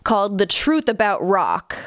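A woman's voice: mid-range voice, moderate pace, dry recording, studio quality. Casual podcast woman telling a story. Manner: relaxed, profane, laughing asides. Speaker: podcast co-host.

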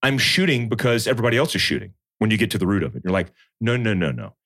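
Male guest, thirties, animated storyteller, close dry mic. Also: fairly low pitch, very fast, no echo. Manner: storytelling, animated, acts out quotes. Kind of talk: casual chat.

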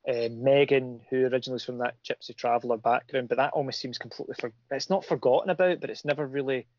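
A man's voice: mid-range voice, fairly even intonation, fast, a little mellow, no room sound. A middle-aged man, a comic creator talking casually in a rambling way, full of restarts and fillers. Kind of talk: casual chat. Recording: dull lo-fi audio.

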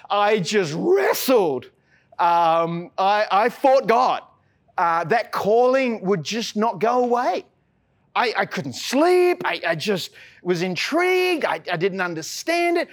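A man with an Australian accent preaching a sermon as pastor, earnest, often stumbling and restarting his words, slowing on key phrases and then rushing ahead. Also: high voice. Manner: earnest, frequent stammered restarts.

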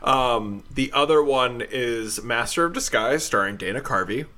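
A young man tells a funny story on a podcast. His voice is bright and forceful at a middle pitch, and he acts out the lines he quotes with animation. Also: measured pace. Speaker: podcast co-host.

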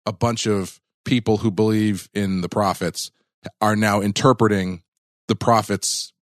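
A male podcast co-host with a low voice, chatting casually about an episode. He stumbles and restarts as he hunts for words, recorded close on a dry mic. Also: fairly even intonation, dry recording. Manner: halting, searches for words, many fillers and restarts. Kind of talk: casual review chat.

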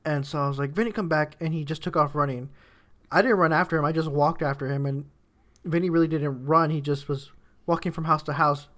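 A man's voice: a little high, steady tone, fairly quick, a bit bright. A man recounting events in easygoing casual chat.

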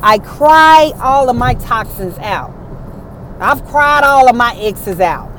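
A woman's voice: on the high side, lively intonation, measured pace, fairly bright tone, slight background noise. A woman hosting a motivational faith talk for her viewers and listeners, speaking emphatically and repeating phrases to rally them. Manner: emphatic, repetitive, rallying the audience. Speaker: host addressing viewers and listeners.

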